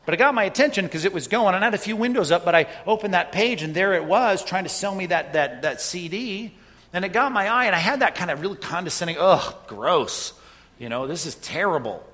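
A man's voice: high voice, lively intonation, quick pace, bright, forceful tone, in a large hall. A man preaching a sermon in a conversational way, often checking in with "right?" as he tells a story and makes his point. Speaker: pastor.

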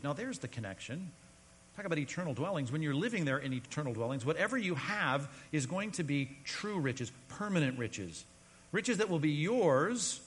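A pastor delivers a sermon in a slightly high, husky voice. He talks to the congregation in a conversational, emphatic way and drops abruptly to hushed low lines. A long reverb trails his words in a large hall. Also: big pitch swings, moderate pace. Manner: emphatic, conversational preaching with sudden drops to quiet.

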